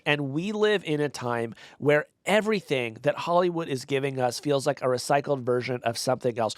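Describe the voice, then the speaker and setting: A man's voice: on the high side, fairly bright tone, dry recording. A man co-hosting a tech podcast, explaining a trend with dry, teasing humor over a studio mic. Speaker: podcast co-host. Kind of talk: casual chat.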